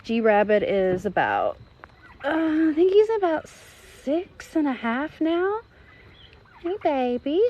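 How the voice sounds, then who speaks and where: A woman in her thirties who runs an animal rescue talks slowly in a high, slightly mellow voice that swings widely in pitch. Chatting casually for her vlog outside in the rain, she fills gaps often and coos at her birds. The outdoor sound is dull and lo-fi, with faint rain and clucking in the background.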